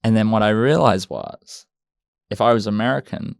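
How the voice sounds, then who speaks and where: A gravelly-voiced man, on the low side and speaking at normal speed, co-hosts a casual comedy podcast. He's a chatty storyteller, telling anecdotes punctuated by bursts of laughter, with no room sound in the recording.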